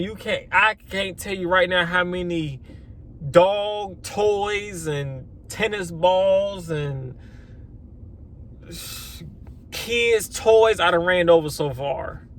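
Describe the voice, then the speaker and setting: A man who runs a lawn care business, chatting casually to the camera outdoors, rambling and animated as he acts out his own reactions. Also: high voice. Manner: swears then apologizes. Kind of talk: casual vlog storytelling.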